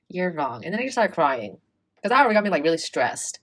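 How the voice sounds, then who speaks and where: Young woman, low voice, animated casual storyteller, swears, acts out dialogue. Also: quick pace. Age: young adult. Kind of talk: casual chat.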